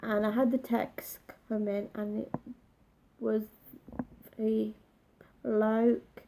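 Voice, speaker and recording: A woman telling a personal story in a halting, emotional way, with many restarts. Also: on the high side, level tone, vocal fry, mellow, slight background noise, poor audio. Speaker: vlogger.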